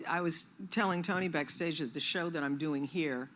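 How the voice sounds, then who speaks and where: An older woman, a singer being interviewed, telling animated, self-deprecating stories from her childhood. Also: low-pitched, moderate pace, slight background noise. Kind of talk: storytelling interview. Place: cruise ship.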